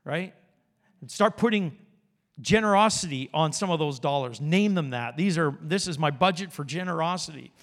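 A man's voice: fairly high pitch, expressive, moderate pace. A man preaching a conversational sermon in a church, mixing plain talk with anecdotes. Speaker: pastor.

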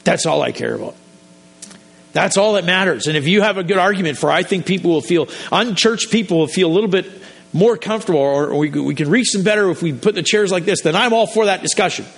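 A man's voice: high-pitched, animated, fast, vocal fry, breathy edge. A man pastor preaching a sermon in a conversational, storytelling way, often restarting his sentences.

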